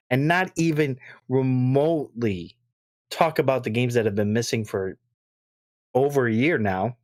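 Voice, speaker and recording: A man's voice: medium pitch, animated, normal speed, no echo, studio quality. A man ranting on a gaming podcast, exasperated and profane, often repeating himself. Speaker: podcast co-host. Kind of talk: heated podcast rant.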